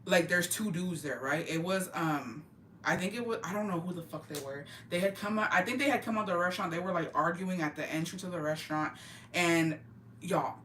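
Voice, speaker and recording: A woman's voice: on the low side, a little fast, a bit bright, recorded from a distance. A woman gossips to her viewers in a loose, profane, emphatic storytelling voice, slipping Spanish phrases into her English. She sits back from the mic in a roomy, echoing space. A faint hum of ambient noise runs underneath. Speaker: vlogger.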